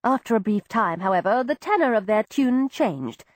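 Expressive woman narrating an audiobook. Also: on the high side, normal speed, no room sound, clean studio sound. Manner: expressive, voices each character. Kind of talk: scripted first-person narration.

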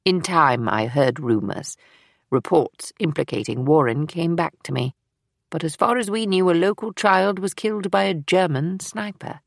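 A woman reading a brisk, wry older ex-spy mistress. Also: fairly low pitch, gravelly, no room sound, studio quality. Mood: guarded. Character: older woman, former wartime intelligence officer, brisk and wry. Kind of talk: audiobook character reading.

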